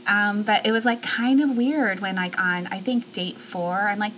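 A woman in her thirties telling stories in a casual chat, animated and laughing, with lots of fillers. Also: medium pitch, normal speed, a little hiss or hum. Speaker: guest.

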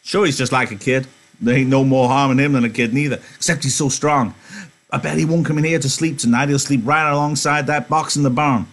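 A man's voice: medium pitch, fairly even intonation, a little fast, fairly bright tone. Man voicing a stern protective ranch hand. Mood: reflective. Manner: firm, scolding.

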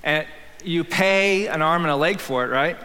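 Man, pastor, casual humorous sermon, bright forceful voice, long church reverb. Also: on the high side, moderate pace, slight background noise. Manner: humorous, conversational preaching with bursts of shouting. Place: church sanctuary. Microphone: handheld or headset microphone. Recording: live hall reverb.

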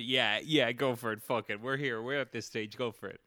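A man's voice: mid-range voice, fairly even intonation, normal speed, pushed and bright, no room sound, clean studio sound. A man running a tabletop game as game master, narrating casually with fillers and swearing. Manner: rambling, profane, many fillers.

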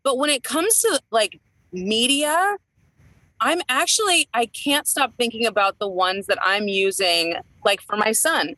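Brief: woman, 30s, co-host, bright forceful voice, rambling casual delivery, dry room. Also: fairly high pitch, expressive, measured pace, no room sound, low-quality recording. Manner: chatty, rambling with many fillers and restarts. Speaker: podcast co-host, entertainer. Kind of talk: casual chat.

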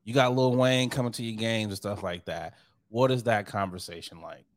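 A man's voice: on the low side, normal speed. A man co-hosting a podcast, chatting casually and joking loosely, often laughing at his own bits. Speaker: podcast co-host. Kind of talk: casual banter.

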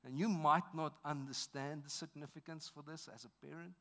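South African male pastor in his thirties, earnest sermon storyteller, slightly high, bright voice. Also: fairly even intonation, fairly quick. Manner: earnest storytelling, swinging from hushed to loud.

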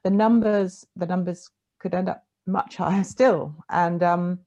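Lower-pitched woman, animated storyteller. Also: measured pace, highs cut off. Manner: animated, self-mocking storytelling with laughs. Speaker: writer, interviewee. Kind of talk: casual conversation.

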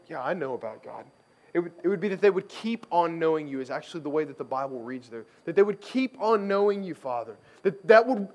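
Pastor, male, young adult; lively, higher-pitched voice, casual sermon storytelling with acted-out quotes. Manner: conversational, animated storytelling, acts out quoted voices.

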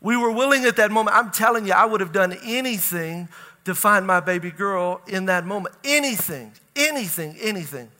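A middle-aged man, preaching a sermon and telling a story with animated, acted-out dialogue. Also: high-pitched, brisk. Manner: animated storytelling, acts out panicked dialogue, laughs at own jokes. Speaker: pastor. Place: large church hall. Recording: reverberant church hall.

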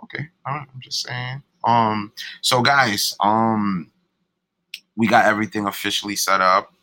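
A man's voice: on the low side, steady tone, a little slow, sharp tone, poor audio. A young man co-hosting a casual couple podcast, laid-back and profane, laughing often. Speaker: podcast co-host.

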